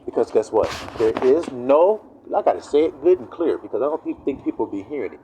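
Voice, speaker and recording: A man giving a casual, animated preaching monologue who acts out the voices of the people he quotes. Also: medium pitch, quick pace, slight background noise, poor audio. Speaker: online preacher.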